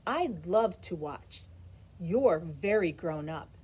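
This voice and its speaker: A woman voicing a calm, patient mother in a bedtime story. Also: on the low side, takes it slowly, breathy edge, full character voice.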